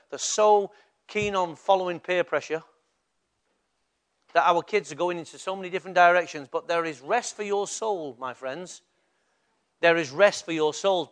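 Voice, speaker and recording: A man's voice: fairly high pitch, fairly bright tone. A male pastor preaching a sermon in a conversational way, rising to emphatic bursts.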